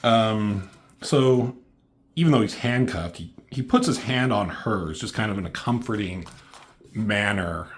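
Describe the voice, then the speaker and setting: A man's voice: fairly low pitch, measured pace. A man casually walking through his own comic book, reading bits of dialogue and rambling with many fillers. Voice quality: rambling, many fillers, reads dialogue with slight character shifts.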